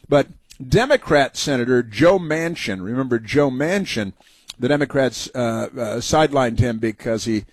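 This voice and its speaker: A man's voice: medium pitch, darkish tone, no echo. A man hosting a talk show, giving a rambling, sarcastic monologue full of fillers and restarts. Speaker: talk radio host.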